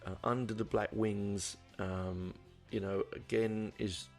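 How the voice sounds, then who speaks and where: A man's voice: lowish voice, steady tone, takes it slowly, soft background music. A man hosting a podcast, rambling through a casual album review with many fillers and restarts. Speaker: podcast host.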